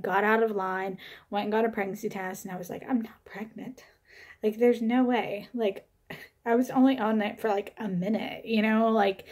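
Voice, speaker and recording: Chatty young woman telling a story. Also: medium pitch. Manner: chatty, many fillers, animated retelling. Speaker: vlogger. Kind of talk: casual storytelling to camera.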